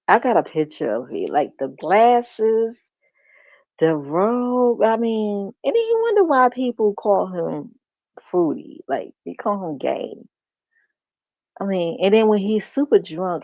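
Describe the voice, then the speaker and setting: Slow, blunt, mocking woman streamer. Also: fairly low pitch, big pitch swings, no echo. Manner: blunt, mocking, laughs often. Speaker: reaction streamer. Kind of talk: profane gossip commentary. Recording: dull muffled stream audio.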